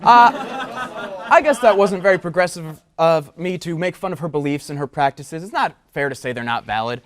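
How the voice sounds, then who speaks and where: A man hosting a comedic talk show, with a high voice. He introduces guests with showman flair and turns sarcastic. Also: expressive, moderate pace, crowd noise.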